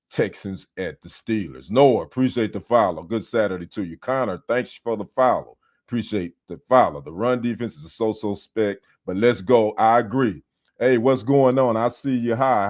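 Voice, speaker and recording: A man's voice: on the low side, a little mellow. Chatty man hosting a sports livestream. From United States. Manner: chatty, greets viewers by name, teasing banter. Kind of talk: casual live-stream chat. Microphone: streaming setup.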